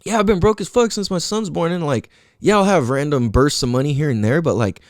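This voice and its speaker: A man's voice: a little high, brisk, dry recording, studio quality. A man hosting a podcast, telling a story casually and swearing a lot. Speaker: podcast host.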